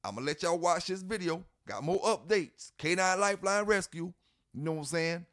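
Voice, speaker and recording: A man with a notably high voice delivers a heated, blunt rant as a channel host. He swears freely, hammers the same points again and again, and drops scornful laughs between lines. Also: animated, normal speed, fairly bright tone. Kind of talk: ranting commentary to camera.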